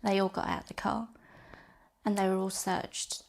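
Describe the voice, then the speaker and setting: A woman interviewed as a bereaved sister, telling her story haltingly, with repeated words and restarts. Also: mid-range voice, flat delivery. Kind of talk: personal testimony interview.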